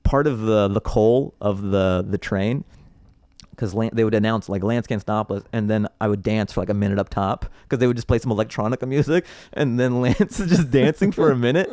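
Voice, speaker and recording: A man's voice: on the low side, fairly quick, dry recording. A man who is a comedian guest, telling stories in casual podcast chat and laughing often. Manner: animated storyteller, laughs often.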